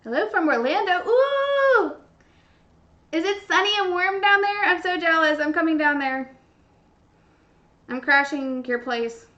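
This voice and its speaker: Very high, bright bubbly woman streamer. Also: slow pace, long pauses. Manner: bubbly, gushing, squealing with excitement. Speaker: baking livestream host. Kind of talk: casual live-stream chat while baking. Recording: dull lo-fi stream audio.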